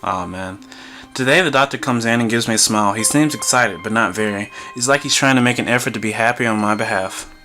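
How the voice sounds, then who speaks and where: A man's voice: mid-range voice, quick pace, few pauses, bright, forceful tone, soft background music. A man reading a visual novel aloud for a gaming video, breaking off for jokey asides and chuckles. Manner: jokey asides, chuckles between read lines.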